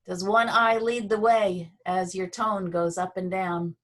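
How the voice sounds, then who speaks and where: A woman teaching a Feldenkrais movement and voice lesson on a video call, guiding slowly and gently with pauses. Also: mid-range voice, steady tone.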